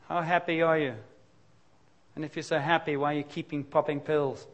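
A man's voice: fairly high pitch, little pitch movement, normal speed, dull audio. A middle-aged man preaching a sermon in a candid, confessional, conversational way, with sudden emphatic bursts. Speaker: pastor.

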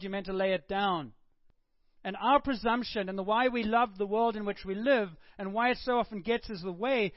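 A man preaching a sermon, dropping to a hush and then rising to emphatic, acted-out quotes. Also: high voice, no echo. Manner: swings between hushed and emphatic, acts out quotes. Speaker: pastor. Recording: muffled dull recording.

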